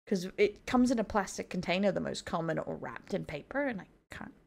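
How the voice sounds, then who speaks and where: A woman from Australia chatting casually as a vtuber reacting to memes, laughing often and trailing off softly. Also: on the low side, animated, a little fast, creaky.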